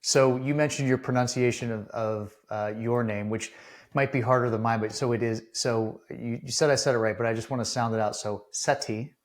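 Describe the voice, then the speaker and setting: A man hosting his first podcast episode, speaking earnestly and haltingly, with many restarts. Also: mid-range voice, steady tone. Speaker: podcast host. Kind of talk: casual interview talk.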